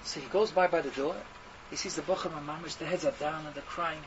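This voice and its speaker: Man with rambling thru a story, high voice, muffled noisy recording. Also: quick pace. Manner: rambling, repetitive, animated. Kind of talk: telling a Hasidic tale, mixing Yiddish. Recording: dull recording with steady noise.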